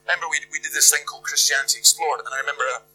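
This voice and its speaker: A man's voice: on the high side, fairly even intonation, rapid-fire, pushed and bright, a little hiss or hum, rough recording. A man preaching a sermon in a conversational, emphatic way, firing off rhetorical questions. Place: church.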